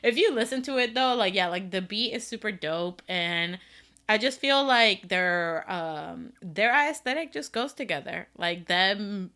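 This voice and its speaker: Bright-voiced gushing woman podcaster. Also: medium pitch, animated, a little slow. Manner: gushing, lots of "like" fillers. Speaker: podcast co-host. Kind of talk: casual chat.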